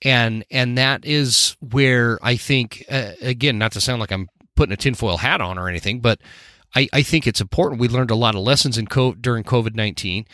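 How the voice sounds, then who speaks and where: Podcast host guy, bright voice, earnest, dry close mic. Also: mid-range voice, a little fast, dry recording. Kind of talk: casual conversation.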